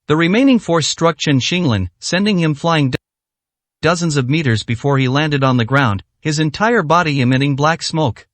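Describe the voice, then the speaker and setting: Male story narrator, fairly high, animated pitch, dry close sound. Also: moderate pace, no room sound.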